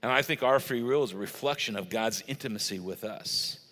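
A man's voice: medium pitch, brisk, a bit bright. A middle-aged man preaching a sermon, telling stories conversationally with emphatic stresses. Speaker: pastor. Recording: long reverb of a large church hall.

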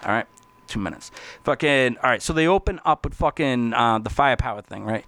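A man talking casually as a podcast host, rambling and swearing constantly, getting excitable. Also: mid-range voice, a little fast, no room sound. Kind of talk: casual profane monologue.

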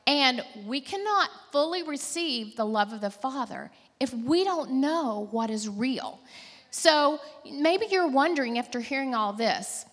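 A woman speaks earnestly during a sermon in a high voice. Her pitch moves a great deal. The hall gives her voice a long reverb. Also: lively intonation, a little slow.

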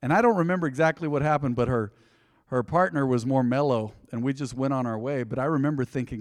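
Man, pastor, conversational sermon, slightly high voice, long church reverb. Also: lively intonation, fairly quick. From United States. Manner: conversational, storytelling, engaging the crowd. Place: church hall.

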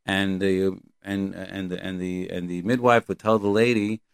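With little pitch movement, a creaky, clean-toned and somewhat low voice, a man teaches a Torah lecture, weaving Hebrew verses together with his commentary. Though he speaks haltingly and repeats himself, he remains emphatic and earnest. The recording is close, dry and echo-free.

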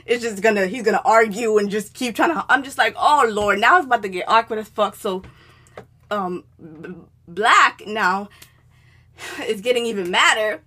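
A woman co-hosting a podcast, telling a profane story in casual chat and getting more animated and loud. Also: mid-range voice, normal speed, slightly rough. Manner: animated, profane, rising to shouting as she relives anger.

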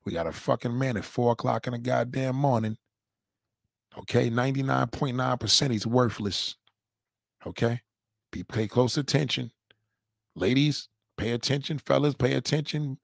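A man's voice: medium pitch, moderate pace, vocal fry, dry recording, clean studio sound. A man hosting a livestream, mocking and heckling a guest in a clip with profane, repetitive commands. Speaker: livestream host reacting to a clip. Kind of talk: profane live commentary.

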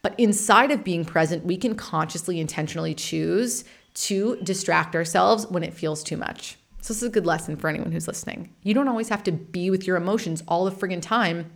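A woman in her thirties hosting a podcast, telling a personal story in a frank, animated way, swearing casually and laughing often. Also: on the low side, fairly quick, vocal fry. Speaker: podcast host and meditation teacher.

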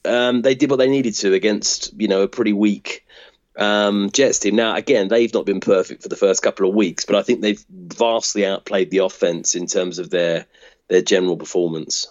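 Guy breaking down the game on a podcast, lowish voice, kinda dull lo-fi mic. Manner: analytical, measured, steady. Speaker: podcast co-host. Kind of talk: casual sports chat.

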